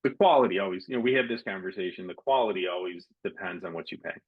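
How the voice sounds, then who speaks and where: A man's voice: low-pitched, fast talker, slightly rough, narrow, tinny audio. A man hosting a casual interview, telling stories and acting out the voices of people in them. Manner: animated storyteller, acts out quotes. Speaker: podcast host.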